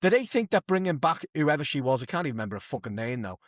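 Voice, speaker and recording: A man's voice: on the high side, big pitch swings, rapid-fire, dry recording, studio quality. A man with a Scouse accent, a podcast co-host ranting in casual chat and swearing heavily. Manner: profane, heated ranting.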